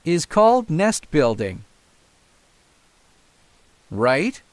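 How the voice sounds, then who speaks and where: Male field educator, animated delivery, slightly high voice, excitable commentary. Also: drawn-out words, dry recording. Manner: excited exclamations, counting aloud. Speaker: snake educator.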